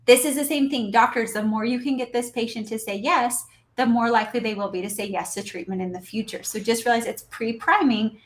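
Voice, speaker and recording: Speaking a little fast in a voice on the high side, this woman keeps her intonation fairly even. She's a dental practice consultant guesting on a podcast, animatedly giving practical coaching advice and playing out snippets of patient-staff dialogue.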